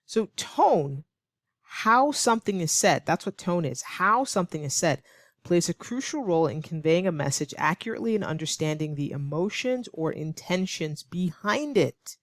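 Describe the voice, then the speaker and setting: A woman teaching English online, explaining clearly and patiently, now and then acting out example lines to show tone. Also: lowish voice, expressive, normal speed, no room sound, studio quality. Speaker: ESL teacher.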